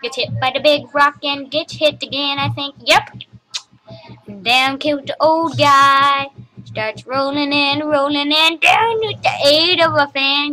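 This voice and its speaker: A woman's voice: high-pitched, sharp tone, poor audio. A woman giving playful, casual commentary on a game as she plays, reading level titles aloud and joking along the way. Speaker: gaming channel host.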